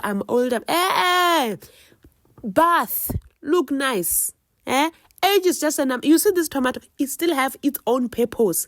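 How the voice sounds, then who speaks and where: A woman with a South African accent and a mid-range voice chats her way through a home cooking vlog, playfully teasing viewers with life advice. The sound is clean studio audio with no room sound.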